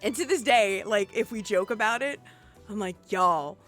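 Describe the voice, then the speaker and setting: A young woman who lived in Puerto Rico, telling rambling, profane stories on a casual game live stream and getting worked up and loud. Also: fairly high pitch, normal speed, soft background music.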